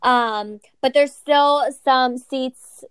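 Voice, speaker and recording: A woman's voice: sits high, very slow, smooth, dry recording. A young woman co-hosting a podcast, brash and swearing as she plugs live shows. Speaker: podcast co-host. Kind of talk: casual chat.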